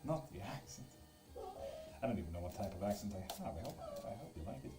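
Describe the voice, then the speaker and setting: A low-pitched man from Sweden hosts a live tarot stream from home, his voice swinging widely as he teases his viewers and swears without a second thought. He sits in a roomy, echoing space with music playing behind him. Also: big pitch swings, fast. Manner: chatty, teasing, swears freely. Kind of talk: casual live-stream chat answering viewers.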